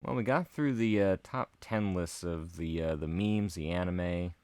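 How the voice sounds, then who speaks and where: A man's voice: sits low, unhurried, a little mellow, smooth, dry recording, clean studio sound. A man co-hosting a podcast, telling rambling stories in casual chat. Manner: rambling, storytelling. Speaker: podcast co-host.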